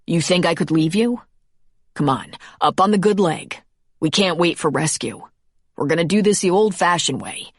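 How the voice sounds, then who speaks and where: A woman narrator plays a protective man carrying someone down a mountain, tender yet determined. Her voice is low and the recording is close and dry. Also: expressive, moderate pace, no room sound. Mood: tender urgent.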